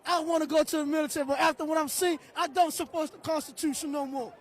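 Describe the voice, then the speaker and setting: A man protesting on a city street, angry and shouting, repeating himself. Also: extremely high pitch, steady tone, fast. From outside the United States. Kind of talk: impassioned street interview. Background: crowd.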